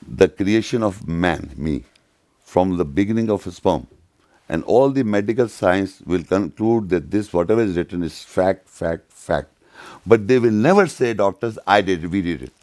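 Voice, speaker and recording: Emphatic man with a low voice. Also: darkish tone, no echo. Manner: repetitive, questioning, emphatic. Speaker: speaker at youth session. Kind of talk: interactive talk with scripture reading.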